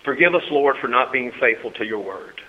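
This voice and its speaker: A man preaching a sermon to a congregation, swinging between soft asides and loud, high-pitched exhortation and calling for amens. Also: expressive, brisk. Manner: talks with the congregation, calls for amens. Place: church hall. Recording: tinny phone-like recording in a reverberant hall.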